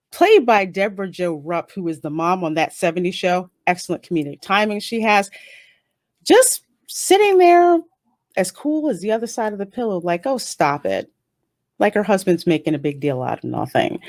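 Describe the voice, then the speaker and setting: A woman giving a casual, stream-of-consciousness review of a TV episode, chatty and animated, with sudden jumps up in pitch. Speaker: YouTube reviewer.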